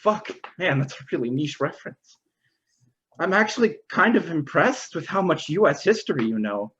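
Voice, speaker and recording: A man's voice: on the high side, animated, normal speed, fairly bright tone, highs cut off. A man playing an exasperated, straight-laced American guy who keeps protesting in disbelief. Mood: incredulous. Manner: incredulous, protesting.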